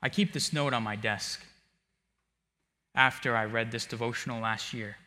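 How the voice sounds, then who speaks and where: A male preacher delivering a sermon, swinging from hushed tones to shouting. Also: mid-range voice, fairly even intonation, moderate pace, pauses often. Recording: long hall reverb.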